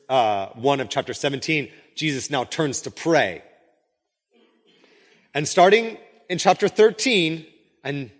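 A man's voice: a little high, fairly bright tone. A man preaching a conversational sermon, full of casual asides and rhetorical questions. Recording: long hall reverb.

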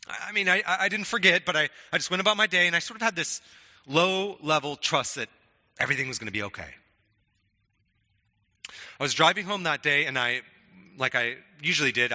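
Bright-voiced man preaching in echoing hall. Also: mid-range voice. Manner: conversational, frequent "right?" and stammered restarts. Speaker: pastor. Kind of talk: sermon.

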